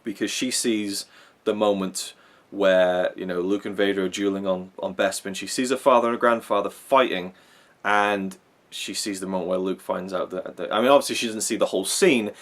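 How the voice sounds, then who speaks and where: Man with a lowish voice, casual fan commentary, rambling delivery, repeats and restarts words. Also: steady tone, moderate pace, fairly bright tone. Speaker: film review channel host.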